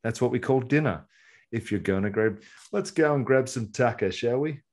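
A man's voice: mid-range voice, animated, normal speed, a little mellow. A man with an Australian accent co-hosting a podcast, bantering and teasing in casual chat. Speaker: podcast co-host.

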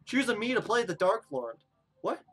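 A woman's voice: medium pitch, big pitch swings, normal speed, a bit bright, slightly rough. A woman giving playful, jokey commentary while playing a video game. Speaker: let's play gamer. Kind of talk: casual gameplay commentary.

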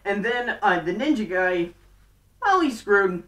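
A woman chatting through a fan recap, rambling with plenty of fillers and quick bursts. Her voice is bright and a bit sharp. It sounds roomy and distant, as if the mic sits across the room. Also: medium pitch, lively intonation. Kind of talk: casual show recap.

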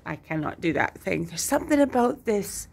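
A woman's voice: mid-range voice, big pitch swings, normal speed, vocal fry, darkish tone. Chatty upbeat woman vlogging at home. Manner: chatty, self-deprecating, upbeat. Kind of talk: casual video diary. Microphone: headphones with Bluetooth device.

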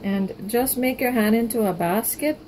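A woman leads a home cooking lesson, explaining each step of the recipe with calm encouragement. Her voice is mellow and relaxed rather than bright. A faint background noise sits under her speech in a home kitchen. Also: fairly high pitch, moderate pace, low-quality recording. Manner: warm step-by-step instructions with reassuring promises. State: out of breath from kneading. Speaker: home baking cook. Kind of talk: cooking tutorial narration.

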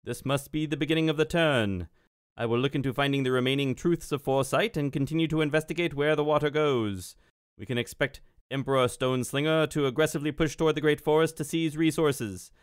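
A man voicing an urgent wizard who dictates a message in a brisk, commanding way. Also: fairly high pitch, clear, resonant tone, dry recording, studio quality, pitched above the performer's own voice, lightly acted.

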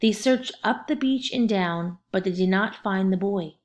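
A woman narrating a children's storybook aloud in a steady, expressive way. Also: mid-range voice, a little slow.

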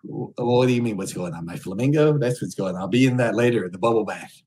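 A middle-aged man streaming crude pranks on strangers, bellowing loud high greetings and then muttering vulgar insults under his breath. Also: fast, breathy edge, low-quality recording. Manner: vulgar and mocking. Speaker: streamer chatting with strangers on a video chat site.

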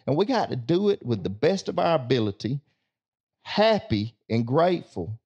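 A man's voice: mid-range voice, big pitch swings, normal speed, a little mellow, muffled recording. A man tells a homespun tale as a discussion-show co-host. His manner is folksy and plainspoken, and he doubles back on his words on the way to the lesson. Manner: folksy, repeats words while building to a point. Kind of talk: folksy storytelling with a moral.

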